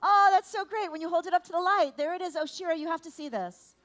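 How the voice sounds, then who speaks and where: Animated high-voiced woman leading a service. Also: fast talker. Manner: animated, playful, exclaiming and asking children questions. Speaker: rabbi leading a family service. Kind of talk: lively family service talk with children. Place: large room in a temple.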